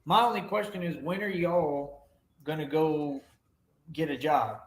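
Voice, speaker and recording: Man, boastful, taunting, slightly high voice. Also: steady tone, unhurried. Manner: boastful, taunting, repeats "right?". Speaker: streamer in a reacted clip. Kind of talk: boastful rant to viewers.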